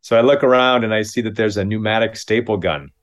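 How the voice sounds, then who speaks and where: A man in his fifties from Minneapolis, telling a comic story in a halting, self-deprecating way with many restarts. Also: on the low side. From Minneapolis, United States.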